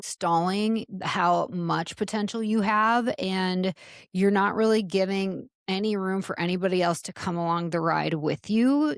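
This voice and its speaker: A woman's voice: medium pitch, a little slow, no echo, clean studio sound. A middle-aged woman hosting a podcast, giving an earnest, encouraging motivational talk to salon and spa leaders. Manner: earnest and encouraging, addresses listeners as "you guys". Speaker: podcast host and salon business coach.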